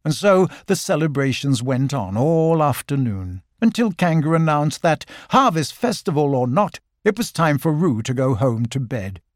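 Man, storybook narration, very expressive lilting voice, dry close sound. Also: fairly high pitch, normal speed, few pauses, no room sound. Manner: lively, expressive reading.

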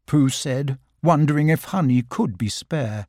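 A man narrating a children's storybook, scripted and expressive. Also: mid-range voice, unhurried, no room sound, clean studio sound.

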